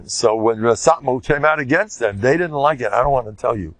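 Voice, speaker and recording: An older man with an American Orthodox Jewish English accent, a rabbi telling stories in an informal Torah class and bursting into loud shouted quotes. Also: medium pitch, fairly quick, no echo. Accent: American Orthodox Jewish English with Yiddish words. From United States.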